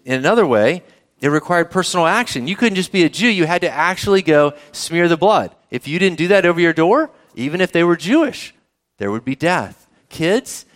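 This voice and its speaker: A man preaching a sermon, his voice sitting a little higher than most men's. He talks in a conversational way and keeps putting questions to the congregation. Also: fairly bright tone. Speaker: pastor.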